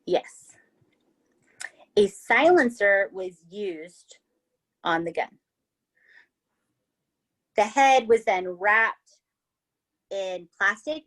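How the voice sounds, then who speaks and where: A woman's voice: mid-range voice, extremely slow, pauses often, fairly bright tone. Woman podcast host with a mid-range voice, chatty and casual, who swears as she spins a true-crime tale. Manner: chatty, swears, tags lines with "right?" and "okay?".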